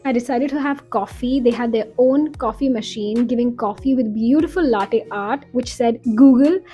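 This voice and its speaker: A woman's voice: a little high, normal speed, warm tone, lo-fi sound. A woman narrating her day in a casual, enthusiastic vlog voice-over. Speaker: vlogger.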